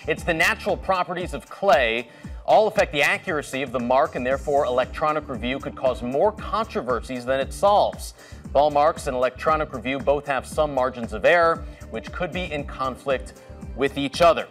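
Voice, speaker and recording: A man's voice: mid-range voice, moderate pace, a bit bright, faint music behind. A man hosting a sports show segment, reading a script and posing a debate question to panelists. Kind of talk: presenting a segment.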